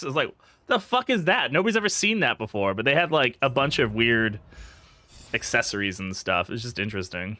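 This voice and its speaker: A young man from England chats through a game stream, his voice bright and forward with a mid-range pitch. He rambles, swears freely and tells stories with animated energy, close and dry on the mic. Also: no room sound. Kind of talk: casual live-stream chat while gaming.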